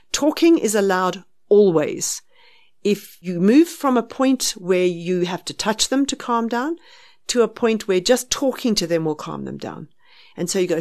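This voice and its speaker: South African woman, lowish voice, firm practical sleep-advice explainer for a podcast. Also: lively intonation, moderate pace. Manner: explains firmly, acts out soothing a baby in a hushed voice.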